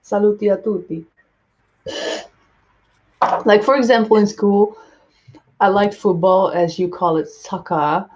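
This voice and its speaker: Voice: medium pitch, steady tone, a little slow, long pauses, a little mellow. A podcast host in casual chat, blunt and profane, joking about their own past. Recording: dull lo-fi recording.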